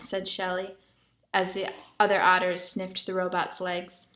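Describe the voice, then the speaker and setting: A woman narrating a children's novel aloud with clear, steady storytelling. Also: on the low side, unhurried.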